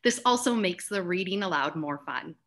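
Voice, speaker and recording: A woman's voice: fairly low pitch, animated, moderate pace, a bit bright, slight background noise. A woman presenting reading activities in a live session, explaining each step informally with a few fillers.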